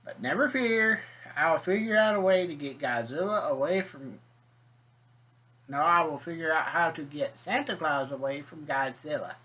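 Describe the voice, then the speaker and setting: A man's voice: a little high, normal speed, bright, forceful tone, breathy edge. A man telling a rambling, folksy comic story as a video host.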